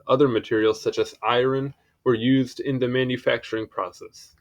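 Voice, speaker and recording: A man's voice: mid-range voice, highs cut off. Casual young man reading aloud. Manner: stumbles over foreign words, apologetic asides. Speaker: reader of encyclopedia articles.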